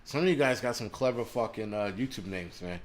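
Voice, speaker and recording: A man's voice: on the low side, animated, a little fast. Angry profane man ranting on a livestream. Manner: reads viewer names and donations aloud. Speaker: livestream host.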